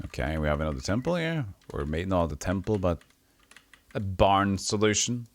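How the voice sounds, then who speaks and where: A man with a low-pitched voice streams a retro role-playing game from home, reading its text aloud at a moderate pace between casual chat. He's animated and frequently stumbles, then corrects himself. A little hiss or hum sits under the recording.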